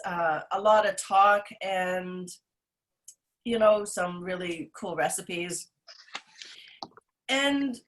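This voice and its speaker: A woman's voice: medium pitch, a bit bright, slight background noise. A middle-aged woman, a nutritionist co-hosting a podcast, talking in a rambling, earnest way about holding back and health, with many fillers and restarts. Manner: rambling and earnest, self-described rant. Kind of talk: casual chat.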